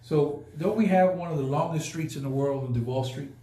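A podcast host with a fairly high, warm voice talks a little fast in a reverberant space. During the casual live show he's emphatic, repeating points for effect.

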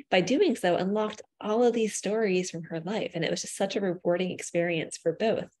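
A woman founder in a live online discussion, telling stories in an animated, fluent way. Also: mid-range voice, fairly quick, hardly any pauses. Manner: animated storyteller. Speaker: company founder.

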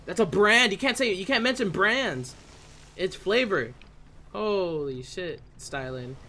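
A man's voice: sits high, animated, unhurried, sharp tone. A young man streaming a game with friends over a headset, swearing a lot and breaking into panicked shrieks and laughter when scared. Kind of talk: casual gaming chat.

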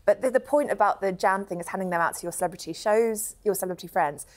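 Young woman gabbing fast on a tv panel, fed up but laughing. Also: mid-range voice. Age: young adult. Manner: chatty, exasperated, laughs easily. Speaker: panel guest. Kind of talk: panel chat on TV. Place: TV studio.

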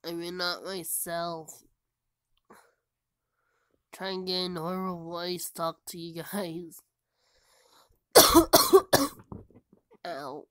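A woman who is sick and hoarse, talking tiredly through a game and often dropping to a whisper. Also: on the low side, little pitch movement, takes it slowly, long pauses, fairly bright tone, no room sound. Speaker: gamer. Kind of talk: casual gameplay commentary.

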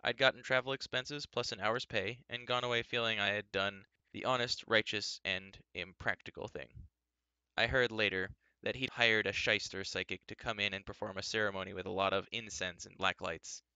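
A man's voice: lowish voice, fairly even intonation, moderate pace, pushed and bright, clear, resonant tone, dry recording, highs cut off. Dry, wry male novel reader. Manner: dry, wry first-person narration. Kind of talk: reading a novel aloud.

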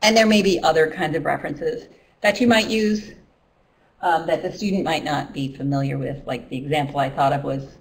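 A middle-aged ESL teacher presents a training workshop loosely and conversationally, with many ums and restarts. Her low, creaky voice stays steady at normal speed, heard from a distance in the workshop room.

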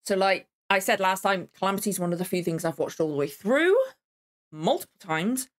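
A young adult woman hosting a casual reaction video, who rambles and repeats herself, then breaks into excited exclamations. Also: medium pitch, a little fast. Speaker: YouTube reaction host.

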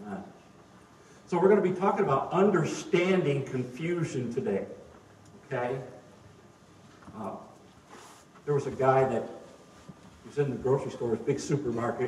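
A man's voice: mid-range voice, darkish tone, slight background noise. Folksy male pastor in an echoey church. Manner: folksy storytelling with jokes. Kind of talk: sermon. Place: church sanctuary. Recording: echoey room, mic at a distance.

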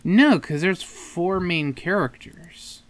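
A man's voice: high-pitched, lively intonation, slow, no room sound. A young man chatting casually while playing a game, joking and curious, with some swearing. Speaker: game player. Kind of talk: casual let's-play chat.

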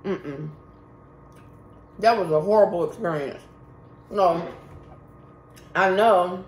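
A woman's voice: on the low side, slow, darkish tone, a little hiss or hum. A woman telling a story to her viewers in a casual vlog, chatty and emphatic, talking straight to the audience. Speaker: vlogger. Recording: roomy echo.

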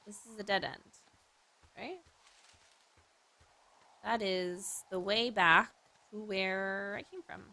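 Australian woman let's-play host, bright, unhurried, cheeky and sweary. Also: medium pitch. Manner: animated, joking, swears often. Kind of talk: casual gameplay commentary.

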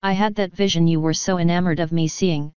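A woman's voice: lowish voice, steady tone, a little fast, darkish tone, clear, resonant tone, no room sound, highs cut off, natural voice. A woman reading the part of a bedraggled female unicorn who speaks bitterly and intensely. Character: bedraggled young unicorn mare, bitter and desperate.

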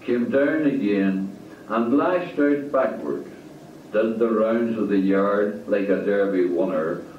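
A man reading a story aloud slowly and deliberately. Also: fairly low pitch, slight background noise. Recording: distant, echoey, dull lo-fi.

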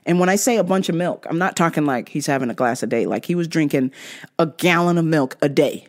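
A woman hosting a podcast in casual chat, blunt and profane, with bursts of loud laughter. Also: low-pitched, expressive, fast. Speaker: podcast host.

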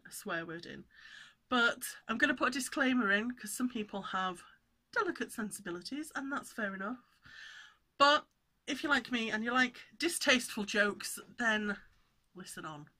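Bright-voiced chatty woman vlogger. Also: a little high. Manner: chatty, rambling, self-interrupting. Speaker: cross-stitch vlogger. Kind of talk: casual chat to camera.

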